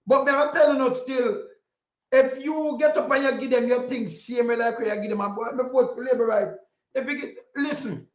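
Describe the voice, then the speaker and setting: High-voiced Jamaican man, fired-up commentary. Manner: preachy and repetitive, speaking in patois, sometimes shouting. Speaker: political commentator. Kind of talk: impassioned spoken commentary. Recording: roomy, dull lo-fi sound.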